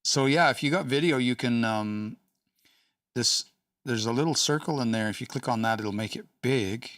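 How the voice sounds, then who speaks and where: A man hosting a casual live-streamed language study session, relaxed, laughing often and slowing down to sound out words. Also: mid-range voice, dry recording, clean studio sound, recorded from a distance.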